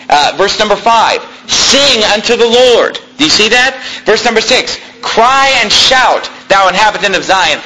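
Bright-voiced emphatic male preacher. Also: sits high, slight background noise, rough recording. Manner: emphatic, checks in with listeners; reads scripture aloud. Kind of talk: sermon.

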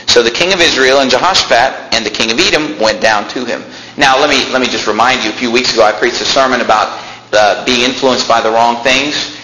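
Man preaching a sermon, bright, echoey church room. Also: slight background noise. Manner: emphatic preaching, voices Bible figures with sharp pitch jumps. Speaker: pastor.

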